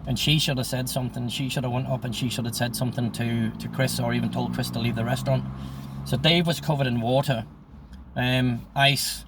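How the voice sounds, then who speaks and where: A man's voice: mid-range voice, background noise. A man in his sixties telling a story from his own life in a casual, blunt way, swearing often and repeating "I says" as he quotes people. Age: 60s.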